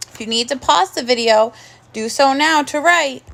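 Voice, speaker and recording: A woman teaching a first grade phonics lesson, slowly sounding out words and praising the children. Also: sits high, fairly bright tone. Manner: slow, clear, encouraging teacher talk with drawn-out sounds.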